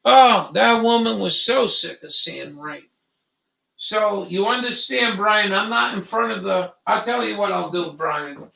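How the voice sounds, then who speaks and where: A man's voice: sits high, gravelly, pushed and bright, reverberant, far from the mic. An older man telling rambling, profane stories in a meandering monologue. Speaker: vlogger.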